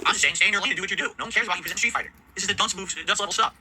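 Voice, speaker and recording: A man's voice: high voice, racing, bright, forceful tone, a little hiss or hum, rough recording. A man streaming from his home setup, ranting angrily, swearing heavily and sounding exasperated. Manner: heavily profane, exasperated, rants. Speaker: video game streamer. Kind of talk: angry ranting commentary.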